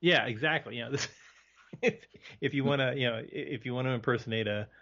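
A man guesting on a casual film podcast, talking in halting bursts with many restarts. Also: mid-range voice, a bit bright. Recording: dull lo-fi audio.

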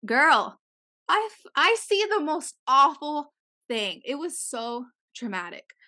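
Young female co-host, bright and slightly high, animated storyteller who swears freely. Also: slow. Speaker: podcast co-host. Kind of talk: casual chat.

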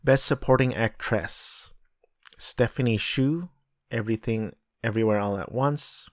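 A man's voice: mid-range voice, a little slow, no room sound, studio quality. A man chatting casually and bluntly, thinking aloud and running through a list of nominees. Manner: blunt, offhand, swears. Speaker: host. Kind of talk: casual chat.

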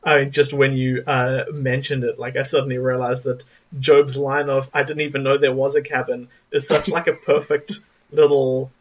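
Husky man on dull lo-fi audio. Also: medium pitch, level tone, normal speed. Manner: enthusiastic, many fillers. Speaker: podcast co-host. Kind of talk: casual chat.

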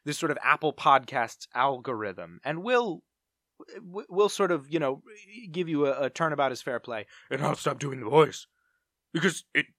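A man's voice: on the high side, lively intonation, normal speed, a bit bright, dry recording, studio quality. A man co-hosting a podcast, chatting in a jokey, theatrical, rambling way. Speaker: podcast co-host. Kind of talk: casual comedic chat.

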